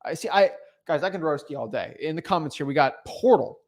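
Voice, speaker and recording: Blunt, teasing male coach, fairly high voice. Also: animated, brisk. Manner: blunt, teasing and pushy, with frequent stumbles and repeated words. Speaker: real estate wholesaling coach hosting a livestream. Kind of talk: unscripted livestream coaching talk.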